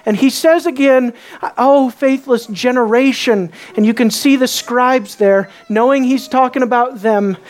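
A woman preaching an emphatic, higher-pitched sermon. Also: normal speed, hardly any pauses. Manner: emphatic, asks the congregation rhetorical questions; swings between soft low asides and raised exclamations.

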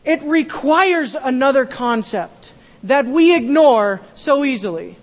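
A pastor preaching a sermon, repeating key phrases and swinging from loud emphasis to a hushed tone. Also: male voice, extremely high pitch, lively intonation, slow pace, long reverb tail.

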